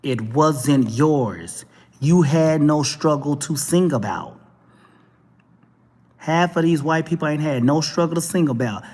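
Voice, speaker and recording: Husky Texan man ranting in a reverberant room. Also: a little high. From Texas. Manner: animated, preachy, mocking. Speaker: talk show host. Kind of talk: opinionated monologue.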